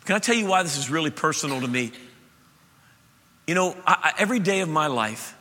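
Impassioned male pastor, bright tone. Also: fairly high pitch, animated, brisk. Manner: impassioned, emphatic preaching that swings from loud to soft. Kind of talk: sermon. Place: church sanctuary. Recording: reverberant church hall.

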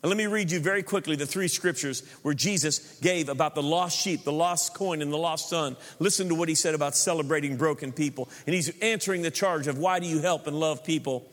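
A man with a high voice preaches a sermon, ringing out through a long-reverb church hall. He drives points home with emphatic repetition and breaks into joking asides. His delivery stays animated and punchy. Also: brisk, few pauses. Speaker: pastor.

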